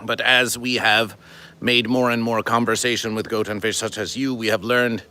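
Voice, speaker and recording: Male comic streamer, slow deadpan, stiff formal phrasing, bright edge. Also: medium pitch, clean tone. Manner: deadpan, stilted formal phrasing, refers to himself in third person. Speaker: livestream host. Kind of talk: comedic livestream monologue to chat.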